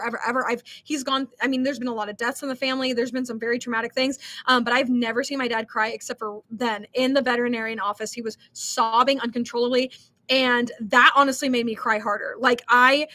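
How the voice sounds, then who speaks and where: A woman's voice: fairly high pitch, bright, forceful tone. A young millennial woman hosting a casual livestream, reading chat comments and answering with lots of ums, likes and giggles. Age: young adult.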